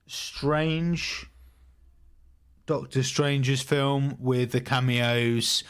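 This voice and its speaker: A man's voice: mid-range voice, fairly even intonation, drawn-out words, smooth. A British man co-hosting a podcast, sleepy and hesitant, full of ums and restarts. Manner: hesitant, many fillers and restarts, sleepy and yawning. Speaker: podcast co-host. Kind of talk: casual podcast chat.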